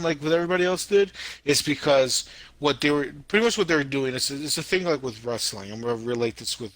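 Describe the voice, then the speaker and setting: A man co-hosting a podcast in casual chat, telling stories in an animated way with sound effects and slang. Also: medium pitch, no room sound. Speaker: podcast co-host.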